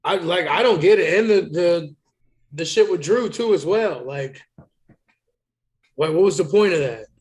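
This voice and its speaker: Blunt high-voiced male podcast co-host. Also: expressive, a little slow, pauses often, a little mellow. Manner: blunt, emphatic and profane. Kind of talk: casual wrestling podcast chat.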